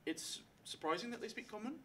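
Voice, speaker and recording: Bright-voiced game master at a live show. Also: male voice, sits high, fairly quick, slight background noise. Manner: hesitant, many fillers, chatty. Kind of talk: narrating a live tabletop game. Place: live show before an audience.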